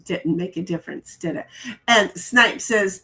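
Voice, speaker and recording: A woman's voice: fairly low pitch, measured pace, bright, forceful tone. A middle-aged woman hosting a casual live stream, reading chat messages aloud and chatting about them with frequent stammered restarts.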